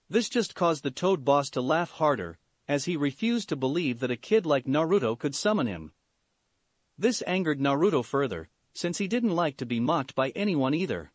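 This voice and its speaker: Man reading fan fiction, lively pitch. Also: moderate pace, no echo. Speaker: story reader.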